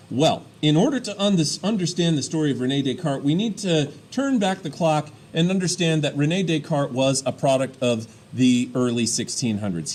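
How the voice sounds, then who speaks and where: A man teaching a history lesson, explaining step by step and often checking in with quick "all right?" and "okay?" asides. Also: medium pitch, a little mellow. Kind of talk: classroom lecture.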